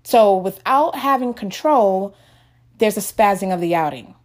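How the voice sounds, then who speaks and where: A chatty American woman in her thirties tells a story straight to her viewers. Her voice sits at an ordinary middle pitch, and she talks in an animated way, laughing often and calling her audience "guys.". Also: unhurried. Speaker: vlogger. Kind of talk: casual storytelling vlog.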